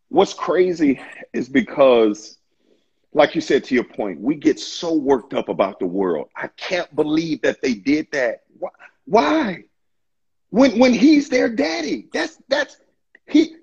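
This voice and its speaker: Impassioned, husky, high-voiced man. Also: highs cut off. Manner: impassioned, preachy, stammering restarts. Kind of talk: casual faith discussion.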